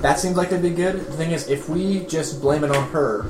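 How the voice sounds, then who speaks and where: A man talking through plans at a tabletop game, rambling with fillers. His voice is slightly high. The room is echoey and noisy. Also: moderate pace. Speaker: player. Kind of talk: casual game chat. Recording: roomy room with background noise.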